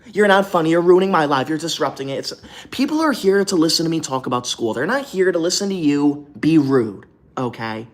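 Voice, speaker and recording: Young guy streaming from a hotel room, super dramatic, acts all offended and yells at chat. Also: on the high side, very animated, a little fast. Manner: melodramatic, indignant outbursts. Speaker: livestream host. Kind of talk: livestream reading super chats.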